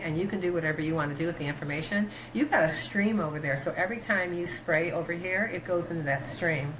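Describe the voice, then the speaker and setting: A woman doctor talking in a casual interview, rambling through stories with many fillers and restarts, her pitch jumping when she quotes herself. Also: a little hiss or hum, low-quality recording. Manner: animated, pitch jumps when quoting herself. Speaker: guest, doctor.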